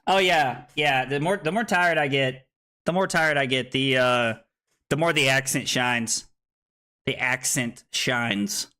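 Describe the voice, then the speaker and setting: A tipsy man hosting a card game tournament on his livestream, talking loudly and excitably, swearing freely and laughing often. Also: mid-range voice, unhurried. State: tipsy from drinking. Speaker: streamer and tournament host. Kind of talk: casual livestream commentary. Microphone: streaming microphone.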